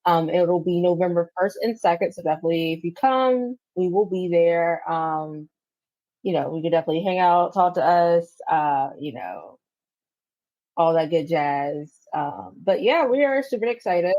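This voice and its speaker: A woman's voice: on the low side, normal speed, darkish tone, no echo, highs cut off. A woman co-hosting a podcast in casual chat, easygoing and chatty with lots of fillers, on a close dry mic. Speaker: podcast co-host.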